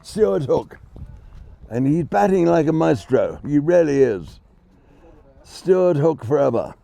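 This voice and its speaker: A man's voice: a little high, big pitch swings, slow, gravelly, dark tone. A man giving chatty, self-deprecating live ball-by-ball cricket commentary. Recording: dull lo-fi sound.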